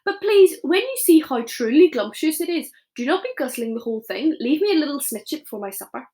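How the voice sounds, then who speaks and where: A woman voicing a gentle, sly big friendly male giant who talks eagerly in mangled words. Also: a little high, quick pace. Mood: coaxing. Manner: lively, eager coaxing in mangled giant talk.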